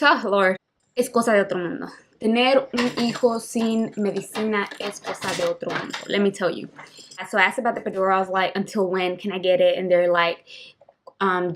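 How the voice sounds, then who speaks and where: A woman's voice: mid-range voice, fairly bright tone, slight background noise. A young woman telling a personal story in a candid vlog, switching between English and Spanish mid-sentence with emphatic, emotional retelling. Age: young adult. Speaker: vlogger.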